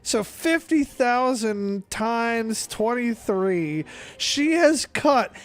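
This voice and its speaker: A man in his thirties, talking excitedly in casual chat, swearing heavily and stumbling over restarts. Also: very high voice, extremely slow, soft background music.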